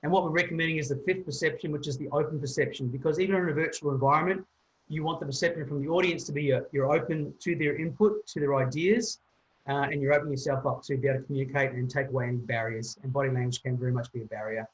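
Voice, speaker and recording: A man with an Australian accent coaching a webinar on body language over a video call, talking quickly with frequent restarts. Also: medium pitch, low-quality recording. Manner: quick, with many fillers and restarts. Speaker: presentation coach. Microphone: computer mic on a video call.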